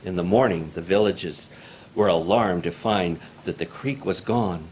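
A male storyteller reads a folk tale aloud to an audience at an easy, measured pace. His voice sits fairly low. The manner is formal and calm. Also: background noise.

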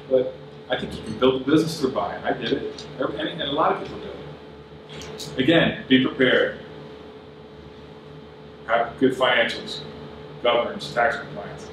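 An earnest man gives straight business advice to a conference crowd. His voice sits at an ordinary middle pitch. It comes from a distance in a very reverberant hall, with a steady hum of noise underneath. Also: moderate pace, pauses often. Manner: earnest, plain-spoken, advising the audience directly. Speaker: conference speaker. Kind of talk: business talk at a summit. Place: large conference room. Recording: very echoey hall, voice from far off, audible noise.

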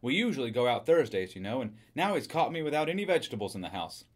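A man's voice: mid-range voice, sing-song, quick pace. A man doing a sweet-voiced housewife with a hidden crime. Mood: sweetly casual. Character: housewife, calm on the surface, hiding a killing.

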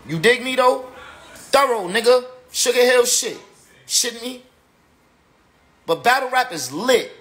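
A man's voice: very high voice, lively intonation, takes it slowly, long pauses, a bit bright. A tipsy man, a battle rapper, ranting on a livestream in an emphatic, repetitive, slangy way. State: tipsy from drinking. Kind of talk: casual livestream rant.

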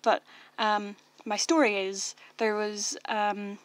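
A woman's voice: mid-range voice, flat delivery, slow pace, no room sound. A woman with a Northern Irish accent co-hosting a podcast, telling stories in casual chat and talking constantly to fill every gap. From Northern Ireland. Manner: chatty storyteller, fills every gap with talk. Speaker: podcast co-host.

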